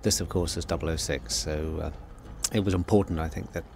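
A middle-aged man giving a relaxed, anecdotal film commentary as the director, with frequent fillers. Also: very deep voice, a little fast, creaky, slight background noise. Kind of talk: DVD audio commentary.

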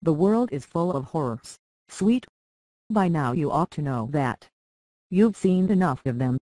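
A scheming middle-aged lord, as an audiobook reader puts him on, calm and persuasive, always measured. The read is dry and close-miked, pitched in an even middle range. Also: no echo, close to an everyday voice, rough recording. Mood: calculating. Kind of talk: audiobook character reading.

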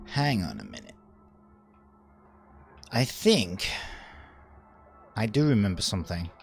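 Sarcastic gamer with wild pitch swings. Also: male voice, wildly swooping pitch, slow pace, vocal fry, soft background music. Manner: chatty, sarcastic, swearing, sudden loud outbursts. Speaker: let's play gamer. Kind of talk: casual gameplay commentary.

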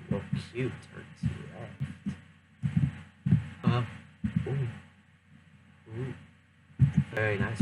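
A man giving casual, self-mocking commentary while playing a game, speaking low and softly and talking to himself. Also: very noisy. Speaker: gameplay commentator.

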